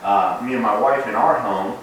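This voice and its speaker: A man's voice: lowish voice, normal speed, slight background noise. A young adult man, a dog trainer, casually explaining puppy training while working with the dog. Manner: relaxed, explaining while training, bright sharp commands to the puppy. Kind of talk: casual instructional demo. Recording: very echoey room, mic at a distance.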